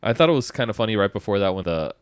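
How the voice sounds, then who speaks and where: A man co-hosting a fan podcast, relaxed and laughing easily as he chats. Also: lowish voice, racing, clear, resonant tone, no room sound. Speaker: podcast co-host. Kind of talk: casual chat.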